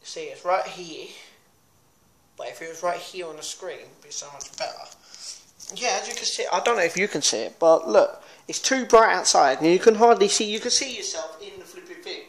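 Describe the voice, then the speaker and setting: A man's voice: high-pitched, animated, a little fast. A young man rambling casually to camera in a vlog, chatty and self-mocking. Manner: chatty, scattered, self-mocking, talks to his dog. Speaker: vlogger. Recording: echoey room, faint noise.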